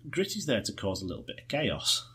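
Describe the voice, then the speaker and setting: A low-pitched man with a husky voice chats on a podcast. His delivery is animated, and his pitch swings widely as he tells anecdotes. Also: brisk. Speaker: podcast co-host. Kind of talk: casual chat.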